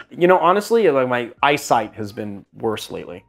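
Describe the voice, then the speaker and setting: A man's voice: mid-range voice, big pitch swings, fast, creaky, few pauses, soft background music. Male bartender host, mid-range voice, chatty and self-mocking, casual demo pace. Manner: chatty, self-deprecating, rambling asides. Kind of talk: casual how-to cocktail demo. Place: home bar studio.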